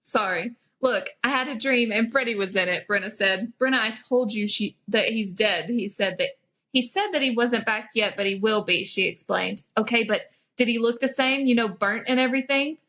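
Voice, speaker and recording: A woman's voice: on the high side, moderate pace, sharp tone. A young woman hosting a comedy podcast, dramatically reading old fan fiction aloud and breaking into giggles. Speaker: podcast host.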